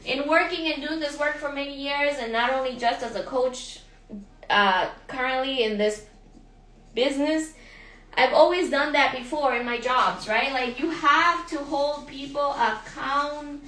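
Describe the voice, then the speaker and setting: High-pitched, energetic woman coach in echoey room. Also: measured pace. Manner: energetic, repeats questions to the audience, says y'all. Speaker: life and business coach. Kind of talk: motivational livestream talk.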